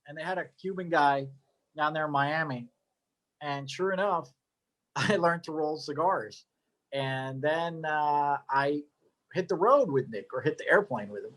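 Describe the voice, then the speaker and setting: A man's voice: a little high, expressive, unhurried, a bit bright. A middle-aged man casually telling his story as a cigar maker, rambling with joking asides and lots of fillers.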